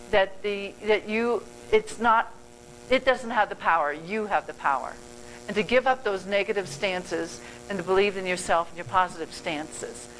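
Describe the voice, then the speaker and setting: A woman's voice: medium pitch, fairly bright tone, a little hiss or hum, rough recording. Rambling older woman giving an earnest talk. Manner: rambling, earnest, self-correcting. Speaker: guest speaker. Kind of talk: motivational talk. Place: club meeting room.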